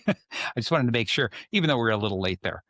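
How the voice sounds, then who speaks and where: A man's voice: medium pitch, animated, fast talker, a bit bright, no room sound, studio quality. Chatty male podcast host. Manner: explains with acted-out examples, many fillers. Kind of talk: casual chat.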